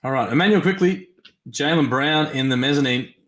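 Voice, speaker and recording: A man's voice: on the high side, a bit bright. Aussie guy running a card break stream, bit tired, rattling off teams and cards, roomy echo. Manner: chatty, reads team names and cards in quick lists. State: tired and yawning. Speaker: trading card break host. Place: at a desk during a live stream.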